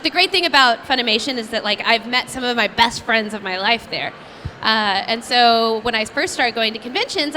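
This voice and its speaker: Woman, voice actress, fan panel storytelling, bright tone, a bit high, faint noise. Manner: chatty, animated, laughs often. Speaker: voice actress guest. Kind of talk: convention Q&A storytelling. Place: convention panel room.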